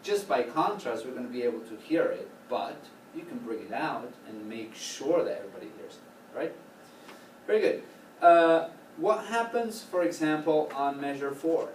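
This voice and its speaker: A man's voice: mid-range voice, animated, normal speed. A man coaching young conductors in a rehearsal room, asking the group question after question. He sounds far from the mic, and the recording carries a roomy echo and plenty of background noise. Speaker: choral conducting teacher. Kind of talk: classroom teaching. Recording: roomy, distant, noisy classroom recording.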